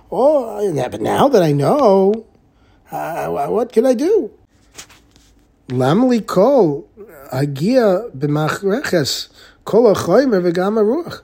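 A man teaching a Torah class, reading a text line by line and translating it into a lively, expressive story, often repeating words. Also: fairly high pitch, slow, slightly rough. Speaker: rabbi giving a Torah class.

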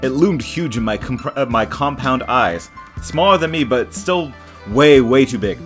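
Lively man retelling a story, bright tone. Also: mid-range voice, unhurried, faint music behind. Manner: animated storyteller, wry, summarizes plot with asides. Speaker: podcast co-host. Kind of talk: casual book-club podcast chat with read-aloud passages.

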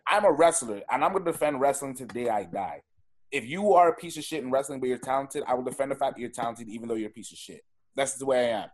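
Husky man talking bluntly. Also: mid-range voice, expressive, fast talker. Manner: emphatic, blunt, heavy swearing. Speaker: podcast guest, wrestler. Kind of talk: casual podcast chat.

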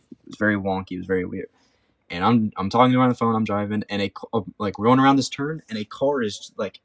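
A young man with a low voice tells stories in a casual chat as a podcast co-host. He's an animated storyteller who swears freely and acts out the quotes, and the recording is dry.

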